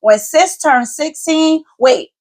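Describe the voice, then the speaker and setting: A woman in her forties hosting a podcast, telling family stories in an animated, emphatic, colloquial way. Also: sits high, takes it slowly. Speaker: podcast host, mother. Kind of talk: casual conversational storytelling.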